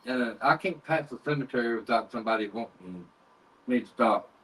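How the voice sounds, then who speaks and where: A man who sees spirits, answering in short, quiet, mumbled remarks during a casual chat. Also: mid-range voice, fairly quick, distant mic, rough recording. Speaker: guest psychic medium.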